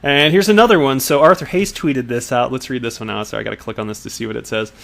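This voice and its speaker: A man at an everyday mid pitch runs a casual vlog segment, reacting to news items and online spats. He chuckles often and drops amused asides. He trips over his words and corrects himself along the way. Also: quick pace, vocal fry, a bit bright. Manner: frequent restarts and self-corrections. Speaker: crypto news channel host. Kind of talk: casual commentary on news and tweets.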